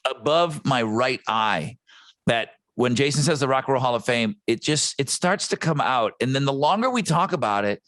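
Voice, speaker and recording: A man co-hosting a music podcast, talking in a rambling, excitable way with frequent restarts. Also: mid-range voice, moderate pace, no room sound. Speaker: podcast co-host. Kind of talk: casual chat.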